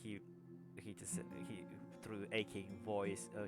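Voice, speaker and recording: A man's voice: fairly low pitch, completely flat delivery, slow pace, loud music behind the voice. A man running a tabletop game as game master, narrating in a hesitant way full of fillers.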